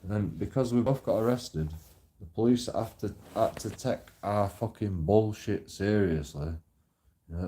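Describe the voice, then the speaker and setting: A man's voice: lowish voice, normal speed, dark tone, a little hiss or hum. A man telling a personal story in a rambling, heavily sworn casual monologue. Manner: heavy swearing, rambling with restarts.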